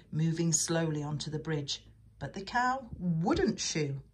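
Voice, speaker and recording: A woman reads a children's train storybook aloud in a husky, lowish voice. She steps out of the text now and then for chatty asides of her own. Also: expressive, slow.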